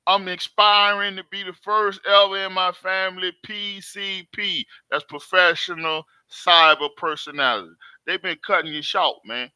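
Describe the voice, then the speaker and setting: A man hosts his own live stream from home, talking to his viewers in a high, bright voice. He speaks in emphatic, repetitive street talk, circling back to the same points again and again. The sound is dry and close. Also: clean tone, no echo. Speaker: host.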